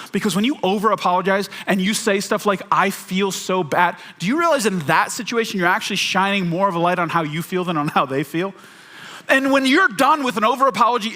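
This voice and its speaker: A man's voice: high voice, sharp tone. A man preaching a sermon as pastor, talking conversationally, repeating key phrases and acting out quoted lines.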